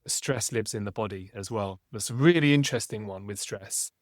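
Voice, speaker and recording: A man's voice: lowish voice, moderate pace, dry recording, clean studio sound. A man hosting a podcast, talking in a reflective, conversational way and often ending with tag questions. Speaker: podcast host. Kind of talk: casual conversation.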